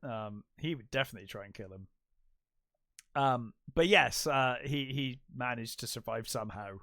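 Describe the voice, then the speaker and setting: A man co-hosting a podcast, casually retelling film scenes with lots of ums and a quick laugh. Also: medium pitch, pushed and bright, no echo, clean studio sound. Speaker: podcast co-host.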